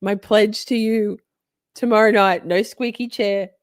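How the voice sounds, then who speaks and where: A woman's voice: medium pitch, steady tone, unhurried, dry recording, studio quality. A woman hosting a live stream, chatting casually with viewers. She is playful, laughs often, swears freely and talks straight to her audience. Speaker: livestream host.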